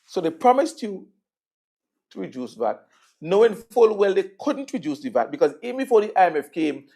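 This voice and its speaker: A man with a Vincentian accent hosting a political talk show, sardonic and conversational, swinging between loud jabs and murmured asides. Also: high-pitched, creaky. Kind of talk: political commentary.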